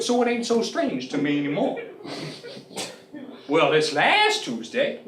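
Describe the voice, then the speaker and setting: A man's voice: very high voice, fairly bright tone, full character voice. A man playing a fussy, folksy old deli owner who tells his story in a prim, easily offended drawl. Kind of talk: comic sketch monologue. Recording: roomy sound from a distant mic.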